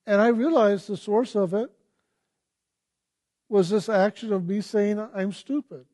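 Man, high voice, mellow tone, gentle questioning, spiritual teacher. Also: steady tone, a little slow. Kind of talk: reflective spiritual talk.

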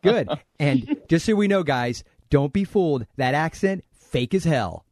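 A man's voice: on the high side, expressive, unhurried, darkish tone, dry recording, clean studio sound. A man hosting a podcast in casual chat, joking and rambling with frequent laughs. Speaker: podcast host.

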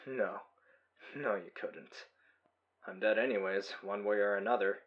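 A man voicing a weary, resigned male hero in custody, speaking quietly. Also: on the low side, steady tone, a little slow, lo-fi sound, natural voice.

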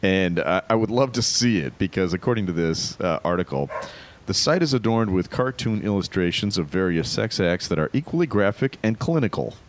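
A man co-hosting a casual comedy podcast, telling stories in a wry, animated way. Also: sits low, fairly quick, a little hiss or hum. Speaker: podcast co-host.

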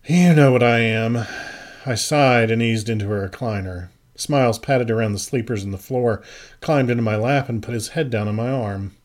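A man narrating a first-person story in a measured, even audiobook reading. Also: on the low side.

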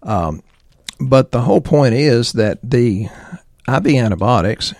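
A chiropractor, a man, telling a personal story in a halting way, with frequent ums and throat clearing. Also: medium pitch, animated, a little mellow, no echo, clean studio sound.

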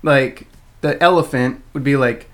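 A man chatting casually on a podcast, animated and rambling, often breaking into laughter. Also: mid-range voice, unhurried.

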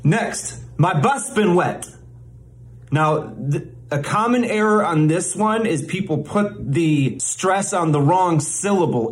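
A man presenting a comedy bit as a mock language lesson, drilling words slowly and repeating them like a teacher. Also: a little high, faint music behind.

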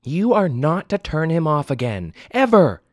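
A man voicing a stern, exasperated young mother who scolds her son in a high, emphatic voice. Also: sing-song, a little slow, mellow, no room sound, studio quality, heavily acted.

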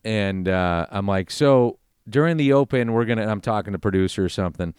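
Earnest man in smooth, dry podcast talk. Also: lowish voice, animated, brisk, darkish tone, no echo. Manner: earnest and reflective, lists details one by one. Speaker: sports broadcaster. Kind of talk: casual podcast chat.

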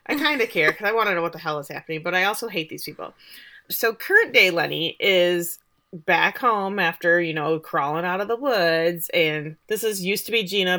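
A young adult woman co-hosts a podcast, recapping a show in casual, sarcastic conversation packed with quick asides. Her voice is fairly low in pitch, with a pushed, bright quality.

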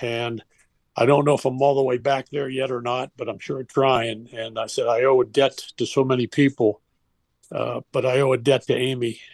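A man's voice: medium pitch, little pitch movement, normal speed, creaky, a little mellow, no room sound. An older man and former baseball coach, telling a personal story in a heartfelt, rambling way with restarts.

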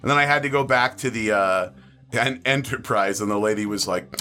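Animated man telling a funny story. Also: on the low side, fairly quick. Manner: animated storyteller acting out quotes, laughing. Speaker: player. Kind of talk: comic personal anecdote.

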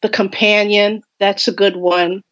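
A woman's voice: mid-range voice, little pitch movement, a little slow, a bit bright, highs cut off. A woman horror writer speaking from home in an effusive, rambling, casual interview chat.

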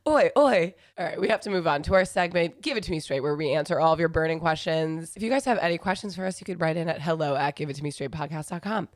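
A woman's voice: deep voice, fast talker, few pauses, dry recording, studio quality. Chatty young woman podcast co-host. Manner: chatty, laughs often, reads listener questions. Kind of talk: casual chat.

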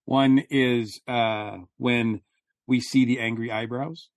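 A man's voice: mid-range voice, fairly even intonation, slow, no echo, clean studio sound. A man co-hosting a fan podcast, chatting casually and gushing with enthusiasm, often restarting his sentences. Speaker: podcast co-host.

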